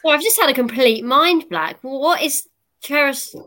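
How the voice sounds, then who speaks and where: A woman's voice: high-pitched, normal speed, pushed and bright. A woman joining a casual podcast chat as a panelist. She talks eagerly and laughs easily.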